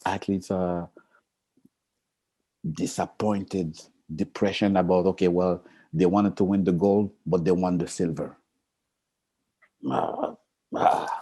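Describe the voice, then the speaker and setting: A man being interviewed as an Olympic sprinter, telling stories with lively energy, acting out quotes in a high excited voice and laughing. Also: slow, long pauses, breathy edge. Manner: expressive, jumps into high excited pitch, acts out quotes, laughs. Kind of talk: animated interview storytelling.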